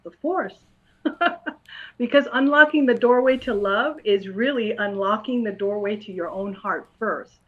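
A woman guest, a school psychologist, giving calm interview answers and patiently explaining in simple terms to a young interviewer. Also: medium pitch, moderate pace, hardly any pauses, phone-quality sound.

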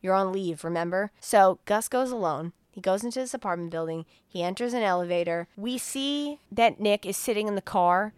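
A woman's voice: mid-range voice, moderate pace, hardly any pauses, clear, resonant tone, no echo. A woman co-hosting a podcast, retelling a movie plot in casual chat, acting out the characters' lines with plenty of swearing. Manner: animated recap with quoted dialogue, frequent swearing and laughs.

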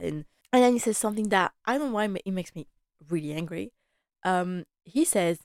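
Chatty woman with a smooth, dry voice. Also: medium pitch, normal speed, no echo. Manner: chatty and animated, laughing often, slipping into quoted lines. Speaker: podcast host recapping a TV drama. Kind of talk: casual chat.

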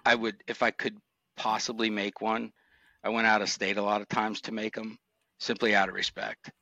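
A man speaking in a bright, forceful voice that stays flat and even in pitch. He recounts his police years earnestly and reflectively, close to a dry microphone. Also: moderate pace, gravelly, dry recording, lo-fi sound. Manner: earnest, reflective, emotional recollection. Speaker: retired motor cop guest. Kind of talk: candid interview storytelling.

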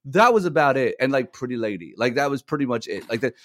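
A man in an easygoing podcast chat, rattling off long anecdotes at a quick clip. His voice sits in an ordinary middle pitch, and he strings thoughts together with lots of "like". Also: expressive, a bit bright. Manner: rambling storyteller, many "like" fillers. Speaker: podcast co-host. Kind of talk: casual chat.

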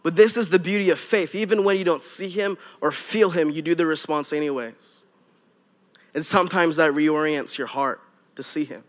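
A young adult male pastor giving a conversational sermon with animated asides to his congregation. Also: fairly high pitch, normal speed.

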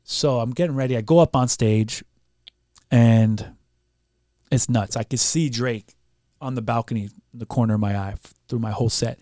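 Telling a story on a podcast, a man from Canada swears a lot and animatedly imitates what other people said. He talks in a mid-range voice at a moderate pace, with no room sound and a clean studio recording.

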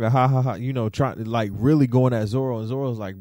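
Mellow-voiced man in slangy commentary. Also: mid-range voice, a little fast, few pauses, no echo, studio quality. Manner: slangy, animated ranting. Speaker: podcast host. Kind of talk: casual commentary.

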